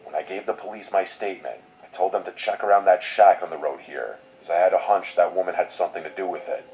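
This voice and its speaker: Man, very deep voice, somber horror narration, dull lo-fi audio. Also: a little mellow. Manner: measured, somber storytelling. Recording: dull lo-fi sound, faint noise.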